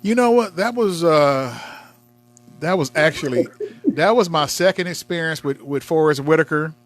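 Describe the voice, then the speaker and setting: Casual co-host, man, a bit high-pitched, laughs often, drifts quiet mid-thought. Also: moderate pace. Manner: laughing, animated, trails off quietly. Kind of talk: casual chat about movies.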